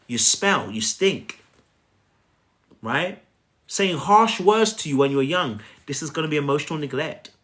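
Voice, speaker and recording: A man coaching viewers on a live stream in a preachy, animated way, often checking in with "right?". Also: a little high. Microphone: phone.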